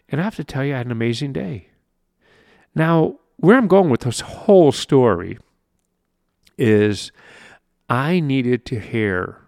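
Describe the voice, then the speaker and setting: A man's voice: mid-range voice, gravelly, no room sound, studio quality. Upbeat man hosting a motivational podcast. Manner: upbeat, animated, laughs often, repeats words. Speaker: podcast host and life coach. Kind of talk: solo motivational podcast monologue.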